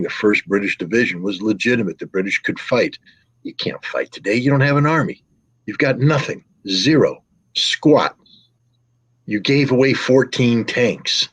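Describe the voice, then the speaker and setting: A middle-aged man with a very low, husky voice and a dry, close sound. He speaks with scorn and heavy sarcasm, hammering the same phrases again and again. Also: no room sound, rough recording. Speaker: guest commentator. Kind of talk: scornful political commentary.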